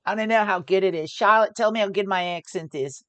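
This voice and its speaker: A woman talks through her poker hands live. She thinks aloud and often restarts her sentences. Her mid-pitched voice sounds dry and close to the mic. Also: fairly quick, a bit bright, no echo. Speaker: poker streamer. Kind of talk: live poker play-and-explain commentary.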